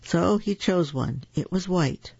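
A storyteller reading children's picture books aloud in a slow, gentle and expressive way. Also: medium pitch, vocal fry, slightly rough, no room sound. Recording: dull lo-fi recording.

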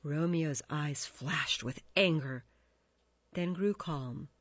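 A woman narrating a storybook tale in a measured, expressive way. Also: deep voice, no room sound. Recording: dull dry recording.

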